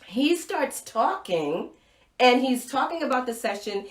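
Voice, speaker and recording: A middle-aged woman hosting a live show, telling a personal story with playful, expressive swings between loud and soft. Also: sits high, unhurried, echoey room. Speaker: live show host and speaker.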